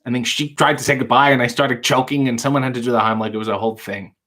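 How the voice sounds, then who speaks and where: A man runs a casual late-night livestream, answering viewers' questions one by one. His voice sits at an ordinary middle pitch, and his delivery stays dry and wry, with quick deadpan jokes between questions. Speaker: livestream talk show host reading viewer chat.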